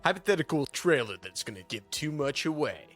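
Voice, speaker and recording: A man's voice: fairly high pitch, fairly quick, soft background music. A man co-hosting a movie review podcast, telling rambling made-up stories in casual chat. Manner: rambling, animated storytelling with laughs. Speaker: podcast co-host.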